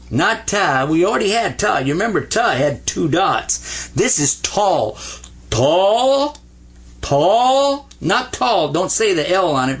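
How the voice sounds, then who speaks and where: In this whiteboard language lesson, a man with a high, slightly bright, breathy voice teaches Arabic playfully and folksily. He draws each letter while explaining it and draws out the sounds he has students drill.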